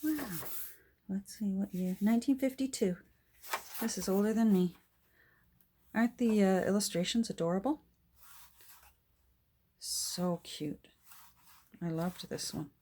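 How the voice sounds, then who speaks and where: Soft-spoken older woman, slow and delighted. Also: medium pitch, slight background noise. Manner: delighted, often drops to soft whispers and gasps. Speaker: vlogger showing a thrift haul. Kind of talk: casual show-and-tell.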